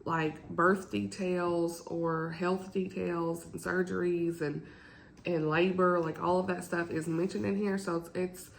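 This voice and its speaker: A woman's voice: little pitch movement, a little slow, gravelly, slight background noise, poor audio. A woman, chatting casually and rambling about books in a book vlog from home, laughing often. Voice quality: deep morning voice. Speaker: book vlogger. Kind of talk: casual chat.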